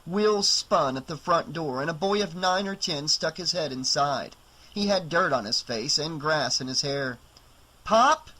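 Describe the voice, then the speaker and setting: A man reading a horror novel aloud as audiobook narrator, in a steady, even reading voice. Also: on the high side, moderate pace, low-quality recording. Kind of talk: scripted narration.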